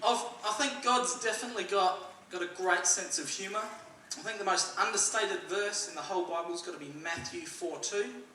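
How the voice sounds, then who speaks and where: A young Australian man doing dry stand-up comedy at a church service, loudly acting out the voices in his stories. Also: sits high, moderate pace, a little hiss or hum. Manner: dry storytelling, acts out quoted voices loudly. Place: church hall. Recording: echoey hall, mic at a distance.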